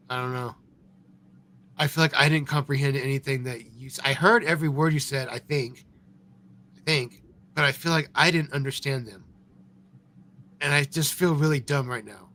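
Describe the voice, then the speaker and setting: A man's voice: medium pitch, normal speed, long pauses, sharp tone, slight background noise. A man co-hosting a live stream, rambling and mocking as he reacts to a video. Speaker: stream co-host. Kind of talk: casual live-stream commentary.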